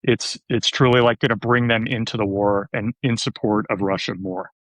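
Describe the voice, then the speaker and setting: A man's voice: fairly low pitch, fairly even intonation, normal speed, fairly bright tone, dry recording, poor audio. A man hosting a podcast, talking conversationally and putting questions to his co-host. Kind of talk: casual podcast chat.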